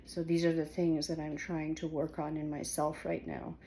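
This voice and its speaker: A woman's voice: sits low, little pitch movement, normal speed, mellow, a little hiss or hum. A woman casually talking through her home kitchen in a rambling, hesitant vlog, with many fillers and restarts. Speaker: vlogger.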